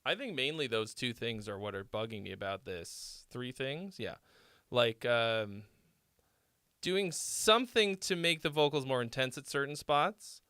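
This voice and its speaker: A man's voice: mid-range voice, animated, measured pace, pushed and bright, clean tone, dry recording, studio quality. Casual man giving music critique. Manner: loose, rambling, swears casually, many fillers. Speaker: host reviewing viewer songs.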